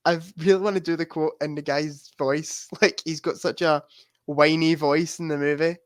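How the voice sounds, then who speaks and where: A man's voice: a little high, fairly even intonation, normal speed, no echo, clean studio sound. A man co-hosting a podcast, quizzing his friend on movies in casual chat and laughing as he gives clues. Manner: laughs while giving clues. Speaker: podcast co-host quizzing a guest.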